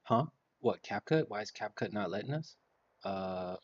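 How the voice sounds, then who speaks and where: A man's voice: lowish voice, animated, normal speed, no echo, highs cut off. A man livestreaming a shooter game, chatting casually, ranting and trash-talking with a lot of profanity. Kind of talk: casual gameplay commentary. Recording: gunfire and game sounds behind.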